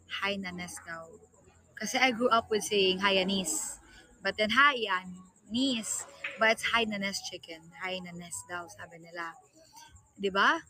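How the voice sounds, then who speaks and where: A woman's voice: medium pitch, a bit bright, no echo. A young woman with a Filipino accent, chatting casually to viewers on a livestream and easily mixing in Tagalog. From Philippines. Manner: chatty, switches between English and Tagalog. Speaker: livestream host.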